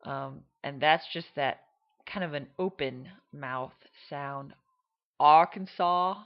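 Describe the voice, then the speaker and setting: Woman, low voice, slow and hesitant, casual explainer, dull lo-fi sound. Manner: hesitant, many fillers, demonstrates accents. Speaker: teacher explaining regional accents. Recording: dull lo-fi recording.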